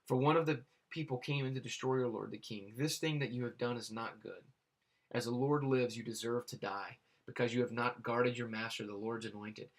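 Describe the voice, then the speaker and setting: A man reading Bible verses aloud and explaining them in a halting way, with many fillers and restarts. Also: medium pitch, a bit bright. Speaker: Bible teacher.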